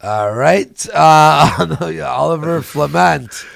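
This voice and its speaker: A man's voice: fairly high pitch, animated, extremely slow, creaky, fairly bright tone. A man hosting a livestream in casual, crude, joking banter, laughing often. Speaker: livestream host.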